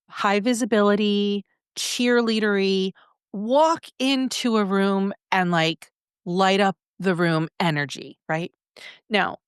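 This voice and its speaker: A middle-aged woman who coaches on brand voice, talking in a lively, conversational way as a podcast guest. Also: medium pitch, clean tone, dry recording, clean studio sound. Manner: animated, acts out examples in shifting voices.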